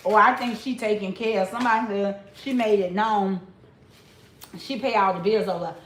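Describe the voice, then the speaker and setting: In a reverberant room with a little hiss or hum, a woman in her forties hosts live-stream commentary. Her medium-pitched, slightly bright voice holds a steady tone as she drawls bluntly and sassily straight at her chat.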